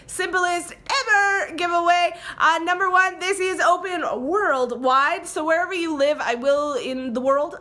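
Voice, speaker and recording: Bright, high-voiced chatty woman vlogger. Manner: chatty and upbeat, explaining giveaway rules. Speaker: beauty YouTuber. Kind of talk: casual chat to camera.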